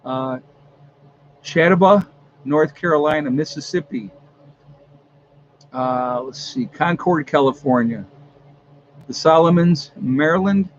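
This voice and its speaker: A man's voice: fairly high pitch, takes it slowly, pauses often, muffled recording, slight background noise. A man hosting a casual livestream from home, chatting with his viewers and filling his talk with ums and uhs. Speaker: livestream host.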